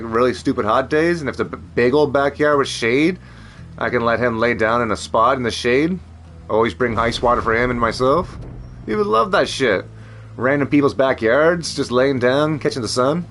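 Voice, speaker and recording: A man's voice: mid-range voice, fairly bright tone, a little hiss or hum. A man chatting casually as a streamer, rambling, joking and swearing freely. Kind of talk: casual chat.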